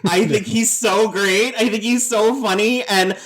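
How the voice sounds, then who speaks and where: A man co-hosting a podcast in casual chat, animated, laughing often and trailing off mid-sentence. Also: high-pitched, measured pace.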